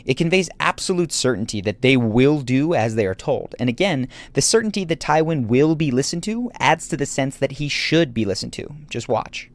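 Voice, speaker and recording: A man doing scripted narration for a video essay, explaining points in a measured, analytical way. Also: mid-range voice, expressive.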